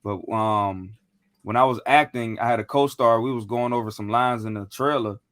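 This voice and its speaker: A man's voice: medium pitch, normal speed, a bit bright, no room sound, studio quality. A young man in casual chat, telling a rambling, slangy story with lots of fillers and restarts. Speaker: podcast co-host.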